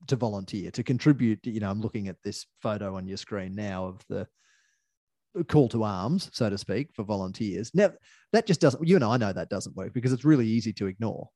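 A man's voice: lowish voice, warm tone, no echo, clean studio sound. A man, co-hosting a podcast, talking things through in a thoughtful, opinionated way. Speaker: podcast co-host. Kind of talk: casual chat.

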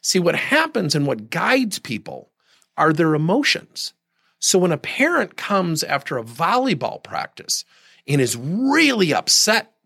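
A man's voice: fairly high pitch, creaky, slightly rough. A man hosting a coaching podcast, giving direct advice and telling stories where he acts out the people in them. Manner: animated storytelling, acts out quoted people. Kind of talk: solo podcast monologue.

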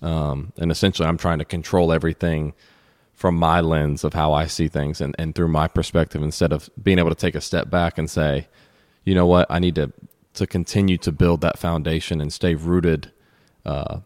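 A man co-hosting a podcast, speaking reflectively and personally about faith, with halting repeats. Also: rumbling low, little pitch movement, darkish tone, no echo, clean studio sound. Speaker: podcast co-host. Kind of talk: casual faith discussion.

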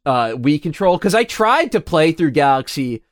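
A young man chatting casually as a podcast co-host, rambling with hesitant restarts and casual swearing, often trailing off quietly. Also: on the high side, very animated, normal speed, no echo, clean studio sound. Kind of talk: casual chat.

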